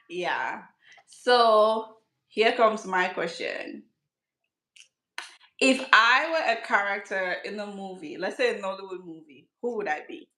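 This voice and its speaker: A woman's voice: mid-range voice, lively intonation, slow pace, bright, forceful tone, roomy sound, poor audio. A woman hosting a casual skincare channel chat, teasing her friend and laughing often.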